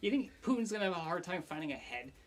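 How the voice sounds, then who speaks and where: A man's voice: high voice, very animated, quick pace. A man co-hosting a casual tech chat, asking incredulous joking questions. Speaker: podcast co-host.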